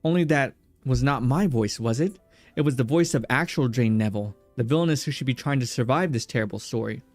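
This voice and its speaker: A man's voice: medium pitch, brisk, a little mellow, no echo, faint music behind, lightly acted. A man reading aloud the lines of a wary, sardonic young villainess from a visual novel. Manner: plainly read game dialogue.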